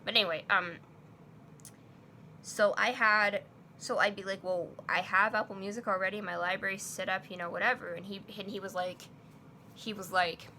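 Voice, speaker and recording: A woman's voice: mid-range voice, steady tone, moderate pace, bright, forceful tone, slight background noise. A young woman vlogger telling a personal story in a casual, chatty way, full of fillers, acting out both sides of a chat. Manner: chatty, many fillers, quotes herself and others.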